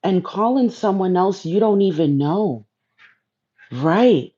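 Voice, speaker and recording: Slow, mellow woman on a spiritual livestream. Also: lowish voice, lively intonation, husky, highs cut off. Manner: laid-back, playful, talks to viewers in chat. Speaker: livestream host. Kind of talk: casual spiritual livestream chat.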